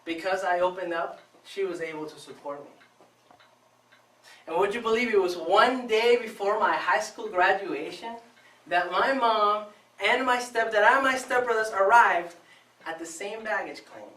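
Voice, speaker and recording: A man from Venezuela giving a prepared contest speech to a live audience, telling his story with expressive, dramatic pauses. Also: sits high. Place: club meeting room before a live audience. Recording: echoey room, distant mic, faint noise.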